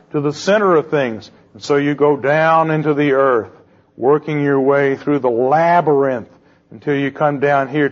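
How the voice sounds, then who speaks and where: A man's voice: fairly high pitch, lo-fi sound. A man giving a classroom lecture in a conversational way, quizzing his students with questions as he goes.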